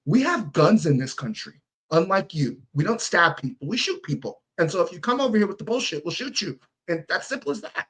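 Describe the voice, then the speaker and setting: A man's voice: animated, fairly quick, fairly bright tone, husky. A man, co-hosting a podcast in heated, profane casual chat. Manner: heated, profane, swings up and down in pitch. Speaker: podcast co-host.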